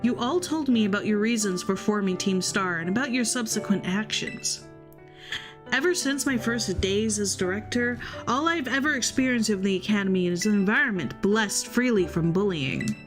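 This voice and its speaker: A woman voicing a formal middle-aged male academy director who speaks with measured, courteous politeness. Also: mid-range voice, animated, faint music behind, pitched below the performer's own voice, close to an everyday voice. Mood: solemn.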